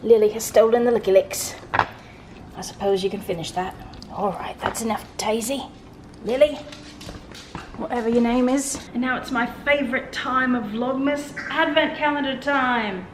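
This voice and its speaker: A lifestyle vlogger chats casually to the camera at home and coos at her pets in a sing-song way. Her voice is on the high side with fairly even intonation at normal speed, and there's background noise.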